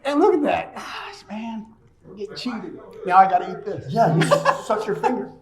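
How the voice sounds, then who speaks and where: A man's voice: high voice, very animated, moderate pace, a crowd in the background. A man speaking as a guest on a live panel, playful and teasing. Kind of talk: casual panel talk.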